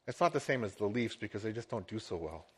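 A man's voice: on the low side, animated, fast talker, breathy edge. A middle-aged man preaching a sermon as a pastor, earnest and building to emphatic swells.

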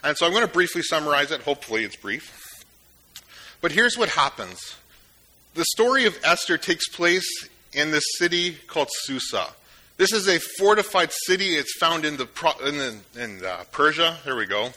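A man preaching a sermon in a relaxed, conversational way, retelling a story with joking asides. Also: on the high side, moderate pace. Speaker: pastor.

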